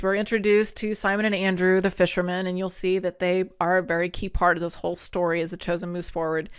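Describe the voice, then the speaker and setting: A woman's voice: medium pitch, a bit bright, smooth. A woman hosting a podcast, recapping an episode in an earnest, chatty way, laughing often and sounding close to tears. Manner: emotional, near tears. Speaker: podcast host.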